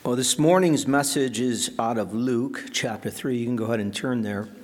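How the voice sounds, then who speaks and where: A male pastor preaching a sermon, telling a story with earnest drama and praying with pauses. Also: medium pitch.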